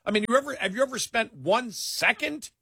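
An older man from New York hosting late-night talk radio, animated and mocking as he talks. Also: very high voice, brisk, gravelly, husky, dry recording, studio quality. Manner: animated, mocking impressions in asides.

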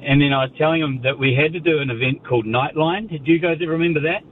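A man's voice: a little high, rapid-fire. A man calling in to a radio show, telling a story and acting out the quotes. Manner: animated storyteller, acts out quotes. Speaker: caller. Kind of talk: phone-in storytelling. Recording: dull phone line with noise.

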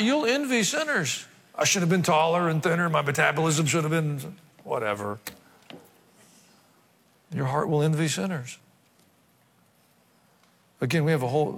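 A man's voice: medium pitch, fairly bright tone. A male pastor preaching a sermon, dropping wry asides and acting out quoted voices. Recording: long reverb of a large hall.

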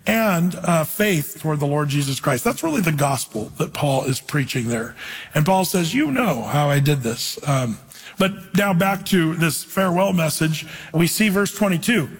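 Man, pastor, high voice, conversational sermon, echoing hall. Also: moderate pace, breathy edge. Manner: conversational, storytelling preacher reading scripture.

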